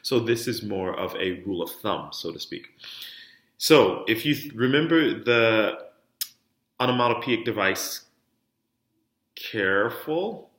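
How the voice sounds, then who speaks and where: A middle-aged man teaching French pronunciation. He calls out each drill word with strong emphasis and then explains the rules in a quieter voice. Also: lowish voice. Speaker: diction teacher. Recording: roomy echo.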